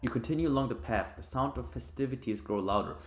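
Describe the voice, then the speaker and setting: A man with a mid-pitched voice reads gamebook narration for a let's play, breaking off now and then for casual, offhand asides. The recording sounds roomy and echoey. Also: fast talker. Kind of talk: reading a gamebook and reacting, casual. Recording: roomy echo.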